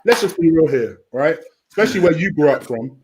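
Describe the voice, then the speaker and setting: A man hosting a casual chat, laughing and speaking in a measured way as he rallies his viewers. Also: fairly high pitch, expressive, noisy background.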